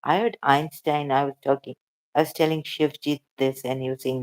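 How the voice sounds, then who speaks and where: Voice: mid-range voice, level tone, normal speed. A channel host talking emotionally and hesitantly in a casual livestream chat.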